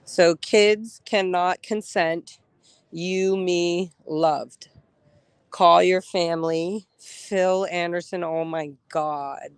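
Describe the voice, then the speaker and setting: A woman's voice: lowish voice, fairly even intonation, very slow, smooth, dry recording, poor audio. Woman streamer, outdoors on phone, emotional, chatty, speaks straight to viewers. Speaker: livestreamer. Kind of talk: outdoor livestream chat. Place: outdoors on a street.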